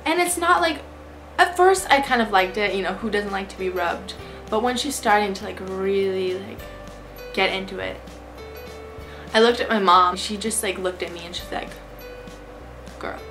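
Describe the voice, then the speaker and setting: A young woman vlogger telling a storytime about a trip, in an animated, exasperated way. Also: mid-range voice, moderate pace, soft background music. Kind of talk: storytime vlog.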